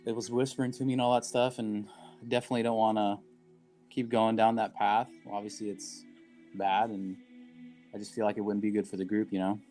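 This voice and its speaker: A man's voice: lowish voice, flat delivery, brisk, dark tone, soft background music. A man playing a tabletop game, talking earnestly with many "like"s and "man"s. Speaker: player. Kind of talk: tabletop role-play.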